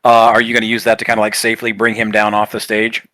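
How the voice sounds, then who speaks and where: A man's voice: fairly low pitch, monotone, fast, sharp tone. A man narrating as game master of a tabletop game, describing scenes in a loose way full of fillers.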